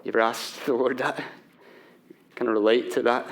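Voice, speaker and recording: A man pastor, preaching a sermon in a church, moving between lively, raised passages and hushed, quiet ones. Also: medium pitch, moderate pace, creaky. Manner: animated, shifting from loud to hushed. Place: church sanctuary.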